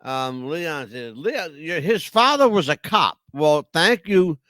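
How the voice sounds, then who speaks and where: A man's voice: fairly high pitch, expressive, slow, bright, forceful tone, no echo. A man co-hosting a live podcast, chatting in a rowdy way, swearing freely and filling with "you know.". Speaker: podcast co-host. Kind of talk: live podcast chat reading chat messages.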